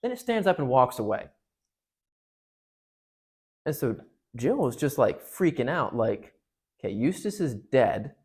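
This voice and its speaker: A man's voice: mid-range voice, big pitch swings, a little slow, pauses often, a little mellow, slightly rough. A man at a parish retelling a novel and reading from it aloud, in a chatty, joking way. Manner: chatty, jokey, many fillers. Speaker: parish speaker.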